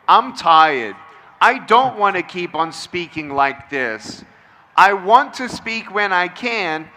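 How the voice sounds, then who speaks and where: Man, motivational speaker, bright ringing voice, emphatic, call-and-response, outdoor grounds, faint ambience behind. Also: high-pitched, a little hiss or hum. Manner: emphatic, repeats phrases for the crowd to echo. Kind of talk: addressing a large crowd, call-and-response.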